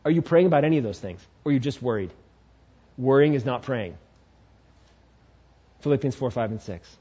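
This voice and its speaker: A male pastor preaching a sermon, driving his point home by repeating key phrases, with dramatic swings in pitch. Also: lively intonation, fairly quick, dark tone, breathy edge. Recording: dull lo-fi sound.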